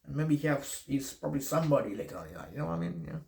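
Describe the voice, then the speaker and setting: A man's voice: a little high, expressive, very fast, vocal fry, a little mellow. A man with a noticeable accent giving casual life advice to camera, rambling, correcting himself and swearing freely. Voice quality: noticeable non-native accent.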